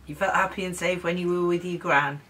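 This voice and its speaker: A woman on a ghost hunt calmly asking questions of spirits. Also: lowish voice, a little fast. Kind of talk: calling out to spirits. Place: dark old building indoors. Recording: distant noisy camera audio.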